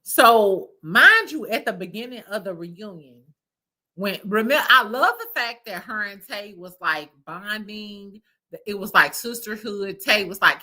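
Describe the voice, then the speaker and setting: A woman's voice: mid-range voice, very animated, a little slow, bright, forceful tone. A woman hosting a casual reality TV recap, with profane, laughing gossip. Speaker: host. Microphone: streaming mic.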